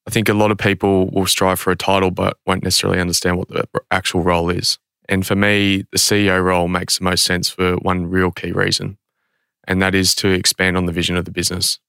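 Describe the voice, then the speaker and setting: Man, very deep voice, smooth, measured, thoughtful podcast guest. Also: bright, forceful tone, no echo, studio quality. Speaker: guest, company CEO. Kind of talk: interview answers.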